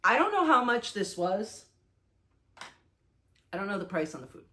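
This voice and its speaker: A young woman records a casual vlog, recounting her day with eager, gushing excitement. She talks in a chatty way, full of fillers and restarts, and her voice sits at a middling pitch. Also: moderate pace. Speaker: vlogger. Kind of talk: casual talking-head vlog.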